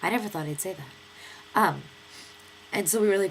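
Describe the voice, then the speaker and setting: A young American woman in her twenties tells a long story in a rambling vlog, stuffy-nosed from a cold. Her voice sits fairly low and has a gravelly, fry-laden edge. There is a faint hiss of noise under her voice. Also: normal speed. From United States. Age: 20s. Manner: chatty, lively storytelling with many fillers and acted quotes. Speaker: vlogger.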